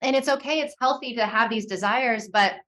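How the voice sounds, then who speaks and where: A woman speaking as a podcast guest, expressive and animated, with lots of "like" fillers. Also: fairly high pitch, brisk. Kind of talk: conversational podcast interview.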